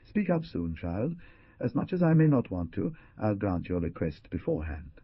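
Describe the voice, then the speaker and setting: Man doing a brooding young outlaw, bitter and intense, husky voice, dull dry recording. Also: lowish voice, sing-song, moderate pace, no echo, exaggerated voice. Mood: urgent. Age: young adult.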